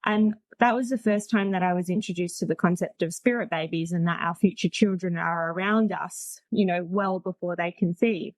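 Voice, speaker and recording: Woman in her 40s, guest. Chatty, frank storyteller, lowish voice, dry close sound. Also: normal speed, few pauses, a little mellow, dry recording. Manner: chatty, frank, laughs easily. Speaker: podcast guest. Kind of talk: casual storytelling.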